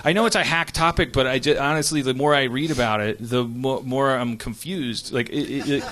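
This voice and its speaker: A man's voice: medium pitch, brisk, crowd noise. A middle-aged man hosting a live comedy podcast, rambling in casual chat with many stammered restarts and chuckling asides. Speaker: podcast host. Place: live stage show.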